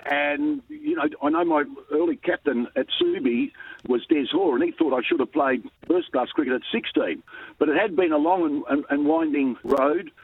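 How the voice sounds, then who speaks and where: An older Australian man telling a story in an interview, lively and chuckling between lines. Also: normal speed, breathy edge, dry recording. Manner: animated storyteller, lively pitch jumps, chuckles. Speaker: interview guest, former cricket captain. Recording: dry, tinny phone-like line.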